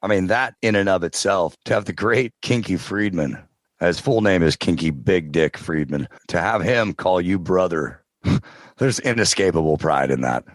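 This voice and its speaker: Man, very low voice, dry close mic, relaxed storyteller, podcast guest. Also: moderate pace, dry recording. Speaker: podcast guest, audiobook narrator. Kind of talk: casual interview chat.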